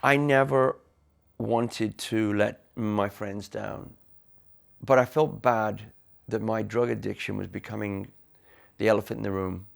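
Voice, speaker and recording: Gravelly low-voiced man, frank halting interview storytelling. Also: fairly even intonation. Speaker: interviewee, former band member. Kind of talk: candid reflective storytelling.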